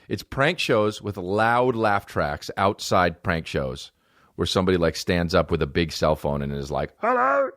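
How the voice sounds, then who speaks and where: A man in his thirties hosts a podcast, riffing through a rambling, profane comedic monologue and imitating people in high, mocking voices. The recording is clean and studio-like with no room sound.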